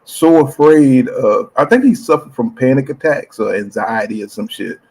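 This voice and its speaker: A man's voice: mid-range voice, lively intonation, moderate pace, darkish tone, breathy edge, poor audio. A man hosting a casual boxing chat show, talking in slang, often saying "you know what I'm saying" and reading out viewer comments.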